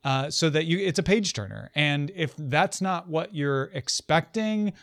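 A man's voice: on the high side, lively intonation, a little slow, a bit bright, no room sound, studio quality. Eager man co-hosting a book podcast. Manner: enthusiastic, eager. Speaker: podcast co-host. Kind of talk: casual book discussion. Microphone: video call.

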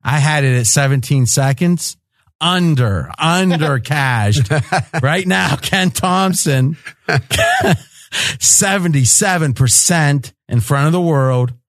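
A man's voice: on the high side, lively intonation, slow, dry recording, clean studio sound. A man hosting a sports betting roundtable podcast, teasing his guests and laughing often. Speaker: podcast host.

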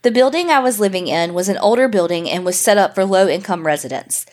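A woman podcast co-host reading a listener's email story aloud in a steady storytelling voice. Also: medium pitch, fast.

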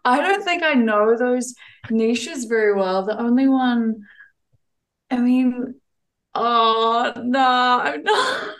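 A woman's voice: fairly high pitch, slow pace, pauses often. Chatty New Zealand woman, podcast guest. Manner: chatty, laughs easily, many fillers. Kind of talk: casual chat.

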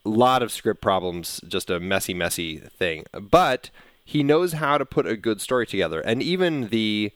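Male podcast host; low pitch, dry studio sound, thoughtful and hesitant. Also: animated, moderate pace, fairly bright tone, no echo. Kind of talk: casual film discussion.

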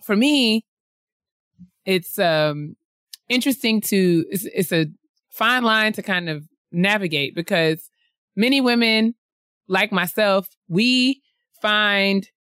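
A woman co-hosts a relaxed book discussion and thinks aloud as she goes. She stops, restarts and laughs often. Her voice is smooth and clear, recorded close and dry. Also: mid-range voice, no echo. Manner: halting, many fillers and restarts, laughs often. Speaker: book club co-host. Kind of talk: casual podcast book discussion.

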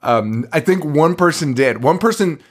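A man's voice: fairly high pitch, expressive, moderate pace, slightly rough. A man co-hosting a podcast in casual chat, laughing often and swearing freely. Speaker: podcast co-host.

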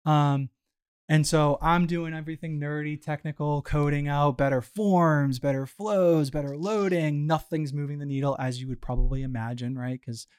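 A startup founder, appearing as a guest on a business interview show, tells stories in a casual conversation. His voice is on the high side, smooth, and moves at a normal speed. He sounds relaxed, packing his speech with fillers, frequent restarts, and plenty of "you know."

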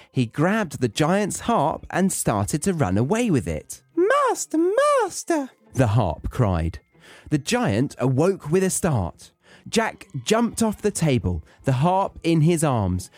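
A man's voice: a little high, darkish tone, dry recording. A British man hosting a podcast, reading a children's story aloud with wry, joking asides. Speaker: podcast host. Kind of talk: story reading with comic commentary.

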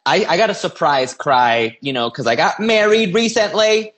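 A man co-hosting a podcast in casual chat, teasing and chatty with quick asides. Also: sits high, expressive, a bit bright. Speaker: podcast co-host.

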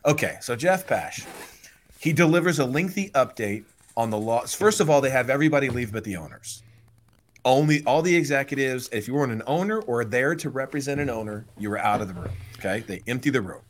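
Animated man retelling a story. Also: mid-range voice, fairly quick. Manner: energetic retelling, slips into voices. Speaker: sports talk show host.

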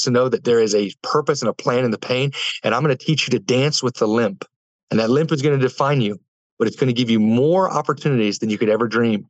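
A man's voice: medium pitch, no echo. A young man in an interview, telling his life story earnestly with many fillers and restarts. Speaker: guest. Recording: dull lo-fi dry sound.

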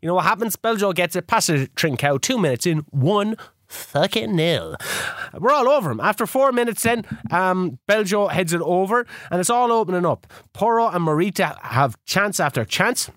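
A man rambles through a game recap with excitable, sweary energy. His voice sits fairly high, and the sound is dry and close. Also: moderate pace, no room sound. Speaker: podcast host. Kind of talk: casual gaming podcast chat.

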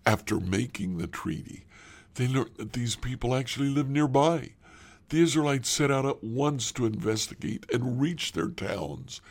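A man reads scripture aloud in a slow, measured delivery. His voice is low, heavily gravelly and husky, at times sinking to a breathy near-whisper. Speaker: scripture reader. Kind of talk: Bible reading.

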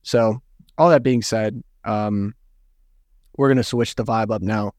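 A man's voice: on the low side, steady tone, unhurried, darkish tone, no echo. A young man hosting a podcast, chatting loosely and joking, with plenty of fillers. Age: young adult. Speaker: podcast host. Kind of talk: casual podcast chat.

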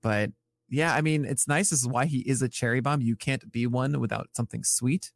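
A man co-hosting a casual podcast, rattling off pitching numbers in a loose, self-correcting way. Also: fairly quick, gravelly. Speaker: podcast co-host. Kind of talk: casual podcast chat about pitching stats.

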